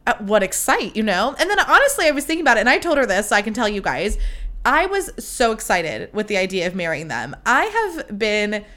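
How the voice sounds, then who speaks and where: A young woman hosts her podcast in loose, excited chat, full of fillers and quoted back-and-forth. Her voice is bright and forward, sitting in an ordinary middle pitch. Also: fairly quick. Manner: chatty, gushing, full of fillers and quoted dialogue. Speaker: podcast host. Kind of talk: casual chat.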